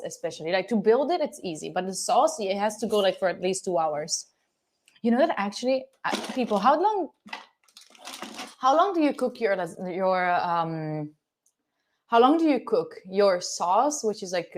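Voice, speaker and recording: A woman's voice: medium pitch, expressive, normal speed, darkish tone, slight background noise. A young woman from Italy with an Italian accent, chatting playfully with her stream while cooking, teasing her viewers and swearing casually. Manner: chatty, playful, swears freely, teases chat. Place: home kitchen.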